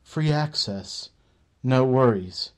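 A man's voice: medium pitch, animated, slow pace, smooth. A man voicing a tough, streetwise woman who talks bluntly but with care. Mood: reassuring. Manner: blunt, plainspoken, coaxing.

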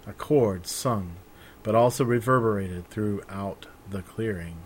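A man reading a fantasy story aloud in steady, measured scripted narration. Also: on the low side, a little hiss or hum.

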